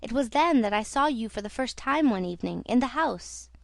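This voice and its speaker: A woman reading the part of an earnest young female opera singer in an audiobook, in a soft confiding tone. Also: a little high, animated, fairly quick, gravelly, no echo.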